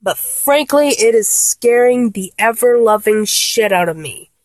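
A woman's voice: a little high, lively intonation, unhurried, dry recording. A young woman voice actor playing a flustered, blunt young woman in a one-sided audio role-play, exasperated, stammering and swearing.

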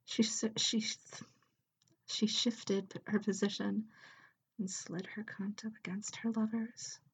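A woman narrating an intimate audio story in a soft, breathy voice that drifts into whispers. She reads slowly and evenly, keeping her pitch level with little movement. The delivery is hushed and close throughout. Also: level tone. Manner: soft, slow, often whispered.

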